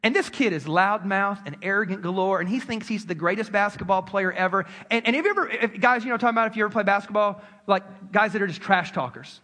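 Brief: male pastor, high voice, storytelling sermon, swings loud to hushed, reverberant sanctuary. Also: lively intonation, quick pace, hardly any pauses.

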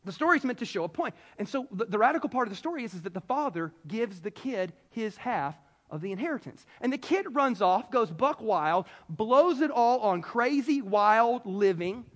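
Man, very high voice, pastor preaching, animated, conversational, restarts a lot. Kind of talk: sermon. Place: church in front of a congregation.

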